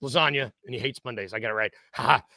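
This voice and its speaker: A man's voice: mid-range voice, fast talker, gravelly, bright, forceful tone, no echo. A man co-hosting a podcast in casual chat, rambling with fillers and laughing easily. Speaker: podcast co-host.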